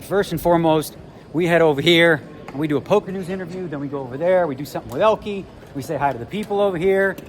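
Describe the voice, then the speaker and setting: A man's voice: fairly high pitch, fast talker, a little hiss or hum. A middle-aged Canadian man vlogging casually to camera, chatty and joking, swearing freely as he explains poker hands. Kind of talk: casual vlog talk to camera. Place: busy casino tournament room. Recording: crowd chatter behind.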